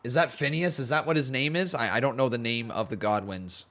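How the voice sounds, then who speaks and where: A man's voice: medium pitch, brisk. A man hosting a casual live stream, calling old wrestling matches and reading chat aloud, his voice a little sore and tired. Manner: laid-back play-by-play, reads chat aloud, jumps to hyped shouting. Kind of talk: casual wrestling watch-along commentary.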